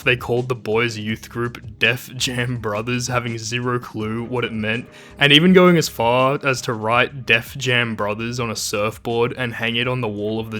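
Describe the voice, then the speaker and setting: A man narrates a scripted documentary in a mid-range voice. He tells the story with wry humour and animated personal asides. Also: medium pitch, moderate pace, hardly any pauses.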